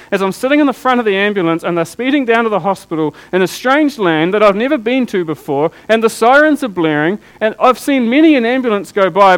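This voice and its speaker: A man with a high voice preaches with raw feeling, pulling his listeners in with question after question. Under his words a low electrical hum runs steadily. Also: a bit bright, clear, resonant tone, rough recording. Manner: emotional storytelling with rhetorical questions to listeners. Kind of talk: sermon.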